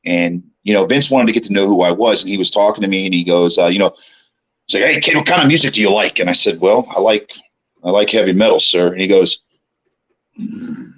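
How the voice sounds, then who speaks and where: A man's voice: low-pitched, poor audio. A middle-aged man, a guest on an interview show, telling a long anecdote with laughter and acted-out lines of other people. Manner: animated, laughing, acts out voices. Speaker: guest, former wrestler. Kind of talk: storytelling anecdote.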